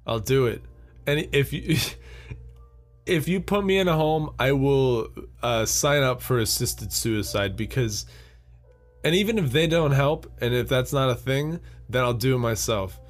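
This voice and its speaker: A young man talks on his own for a podcast, wandering from rant to rant and chuckling at his own jokes. His voice sits at an ordinary pitch for a man, with casual swearing throughout. Faint music plays underneath. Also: lively intonation, measured pace. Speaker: podcast host. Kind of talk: solo rambling podcast monologue.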